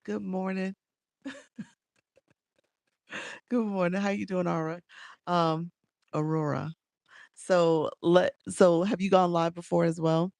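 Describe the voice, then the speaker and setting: A woman's voice: on the low side, steady tone, slow, vocal fry, long pauses, darkish tone, dry recording. A woman with a Chicago accent, coaching viewers on a live stream in a chatty way. She laughs often and greets people by name between tips.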